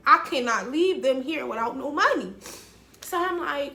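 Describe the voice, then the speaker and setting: Candid young woman with a high, echoey voice. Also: animated, a little fast, creaky, bright, forceful tone, a little hiss or hum. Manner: blunt and emotional, swears freely, addresses viewers as y'all. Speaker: vlogger. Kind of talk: candid storytelling to camera.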